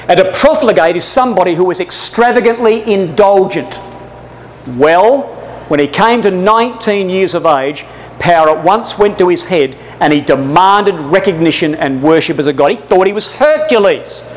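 A man preaching a sermon, telling history as a lively story with acted-out asides and often addressing his listeners as brothers and sisters. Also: high-pitched, a little hiss or hum.

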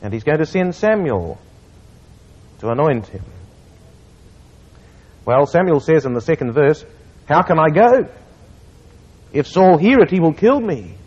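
A man delivers a sermon in a slightly husky, fairly high voice that rises and falls with lively emphasis. He slows to read scripture with weight. The recording is muffled and carries a long hall reverb. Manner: earnest, with slow emphatic scripture reading. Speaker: preacher.

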